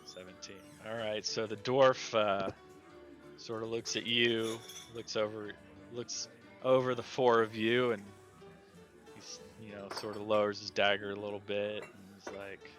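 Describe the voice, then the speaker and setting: Bright-voiced man narrating a tabletop game. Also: lowish voice, measured pace, soft background music. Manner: relaxed, rambling narration with fillers. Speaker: game master.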